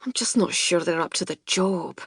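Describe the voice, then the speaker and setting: Brief: gruff, barking Scottish foreman, as a woman narrator plays him, grudging and huffy, husky-edged, dry close audiobook sound. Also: mid-range voice, animated, normal speed, dry recording, close to an everyday voice. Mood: grumbling. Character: gruff older Scottish male garden boss, grudging. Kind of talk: audiobook character voice.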